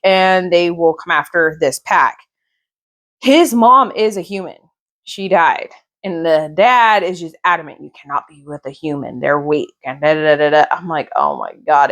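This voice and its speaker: A woman in a casual reading wrap-up vlog, her voice sitting a little low. She gushes about books she loved and rambles on in a chatty, friendly way. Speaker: book vlogger.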